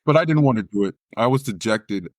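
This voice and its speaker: Low-voiced man telling a lively story. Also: brisk, dry recording, clean studio sound. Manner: animated storyteller who acts out quoted voices. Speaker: guest, spoken word poet. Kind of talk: storytelling interview.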